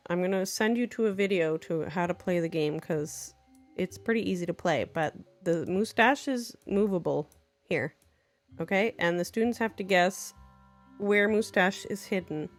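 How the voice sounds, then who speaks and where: Speaking in a lowish voice, a woman teacher walks through her classroom games without a script. She's chatty and playful, launching into brief, lively French examples and teasing herself in little asides.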